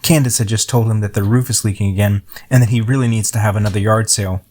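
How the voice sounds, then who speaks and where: A middle-aged man reading his own poem aloud, reflective and unhurried as he tells a story. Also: on the low side, fairly even intonation, darkish tone. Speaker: poet.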